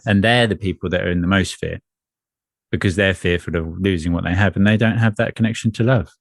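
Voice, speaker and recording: A man speaking as an energy coach in a spiritual conversation, earnest and measured, often repeating phrases. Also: low-pitched, gravelly, dry recording, studio quality.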